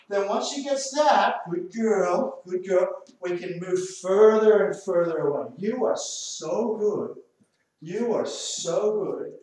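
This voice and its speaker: An Australian man, a dog trainer, explains a drill while giving firm short commands to dogs. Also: sits high. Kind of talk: hands-on training demonstration. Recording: very echoey, far from the mic.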